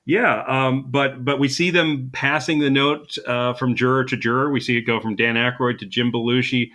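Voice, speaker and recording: A man's voice: medium pitch, fairly even intonation, moderate pace, bright, forceful tone. A man co-hosting a casual podcast, chatting with plenty of fillers and easy laughs. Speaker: podcast co-host.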